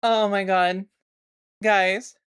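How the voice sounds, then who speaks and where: A woman's voice: medium pitch, steady tone, extremely slow, clean tone. A woman filling in on a live stream, chatting casually in a rambling, sweary way with a sore throat. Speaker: stand-in streamer.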